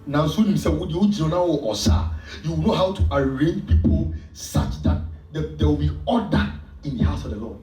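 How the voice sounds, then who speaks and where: Ghanaian pastor preaching in an echoey hall. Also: male voice, a little high, lively intonation, normal speed, faint music behind. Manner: preaching with sudden loud emphasis, mixing in Twi. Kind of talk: sermon. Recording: echoey church hall from far off.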